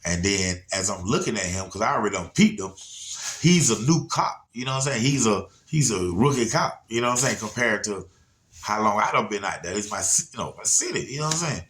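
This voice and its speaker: A man, telling a story in a slightly low voice. He rambles in a laid-back way, circling back and checking in with his listeners. It is casual, unscripted storytelling. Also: animated, a little fast, fairly bright tone. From Atlanta area, USA. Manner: rambling, laid-back, frequent "you know what I'm saying".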